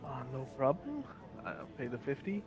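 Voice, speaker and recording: A man playing a tabletop game, talking in a hesitant, halting way. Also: medium pitch, big pitch swings, over music. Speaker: player. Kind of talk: casual in-character play.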